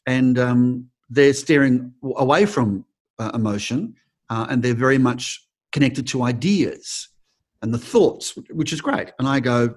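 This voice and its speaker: Speaking at normal speed in a mid-range voice, this middle-aged man with an Australian accent is an acting teacher being interviewed. His storytelling is vivid, with quoted people performed in character and lots of false starts.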